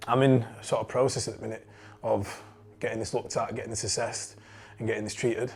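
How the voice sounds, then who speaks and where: A young man with a Yorkshire accent telling a personal story in a candid, halting way and swearing freely. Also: on the low side, level tone, creaky, husky.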